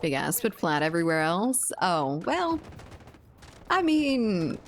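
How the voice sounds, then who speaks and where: A woman's voice: fairly low pitch, sing-song, slow pace. A young woman streaming a game, chatting candidly with her chat, joking and laughing often. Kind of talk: casual stream chat while gaming.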